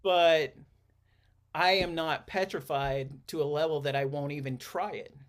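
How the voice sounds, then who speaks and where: A man's voice: fairly high pitch, fairly even intonation, unhurried. A man hosting a podcast interview, talking casually with many fillers and restarts. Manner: rambling, frequent restarts and fillers. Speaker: podcast host and counselor.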